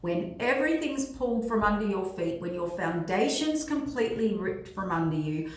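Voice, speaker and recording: A woman's voice: mid-range voice, animated, normal speed. A woman talking casually as a tarot reader giving a spiritual forecast, rambling and repetitive with many fillers. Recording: very echoey room.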